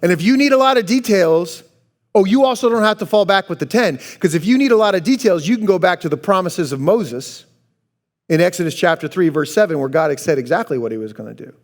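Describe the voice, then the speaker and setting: Male pastor, sermon, fairly high voice, animated delivery, swings loud and soft. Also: quick pace. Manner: animated preaching, acts out quoted voices, drops low for emphasis.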